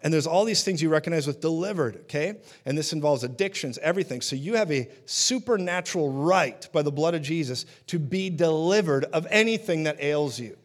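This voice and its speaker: A man's voice: a little high, expressive, brisk, hardly any pauses. A man preaching a sermon in a conversational teaching manner, often checking in with his listeners.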